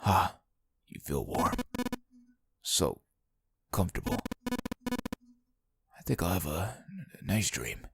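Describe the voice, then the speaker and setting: A sedated man murmurs low and quiet, his words slurring and trailing off, as a woman voices him in a game read-aloud. The voice sits very deep, with a faint hiss behind it. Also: big pitch swings, slow pace, long pauses, full character voice. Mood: drowsy. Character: weak, drowsy sedated man.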